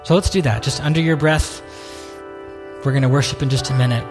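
A man preaching a sermon as pastor, slow and reflective, pausing to invite listeners in. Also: medium pitch, steady tone, music in the background. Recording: long reverb of a hall.

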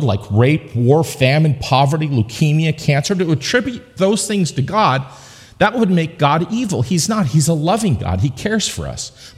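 Heard with a long reverb tail, this man's voice sits a little high with a darkish tone. He's a pastor delivering a sermon in a church sanctuary, chatting and joking with the congregation while driving points home with emphatic repetition.

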